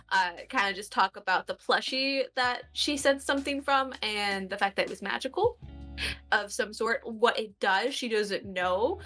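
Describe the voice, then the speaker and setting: Bright-voiced woman player, giggly, rambling, thinks aloud; casual game chat. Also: mid-range voice. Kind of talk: casual tabletop role-play.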